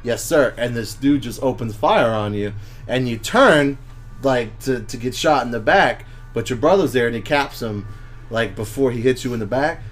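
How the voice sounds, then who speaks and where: A man co-hosting a casual podcast chat, telling stories excitedly with lots of fillers and restarts. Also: medium pitch, moderate pace, faint music behind. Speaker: podcast co-host.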